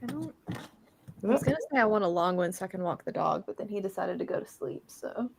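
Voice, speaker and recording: A woman chatting casually with friends on a livestream, dry and quick to laugh. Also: mid-range voice, expressive, gravelly, slight background noise. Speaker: readathon co-host. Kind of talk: casual group chat on a livestream.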